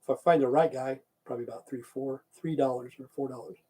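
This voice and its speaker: A man's voice: mid-range voice, fairly even intonation, quick pace, dark tone, slightly rough. A man from Idaho hosting a live stream, chatting casually, swearing often and answering viewers' chat messages aloud. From Idaho, USA.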